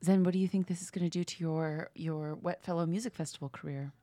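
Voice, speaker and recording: A woman narrating and interviewing in a comedy radio-show parody, mock-serious and halting with fillers. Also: on the low side, fairly even intonation, mellow, no room sound.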